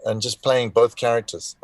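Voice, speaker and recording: A man's voice: medium pitch, level tone, measured pace, no room sound. A man in his sixties from South Africa, a voice actor chatting as a guest over a video call, rambling with many fillers and restarts, wry and frank. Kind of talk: casual live interview chat.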